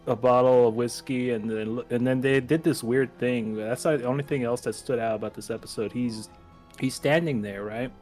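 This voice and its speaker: A man's voice: medium pitch, steady tone, moderate pace, a little mellow, soft background music. A young man co-hosting a podcast, recapping scenes in an easygoing, agreeable way. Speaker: podcast co-host. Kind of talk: casual podcast chat.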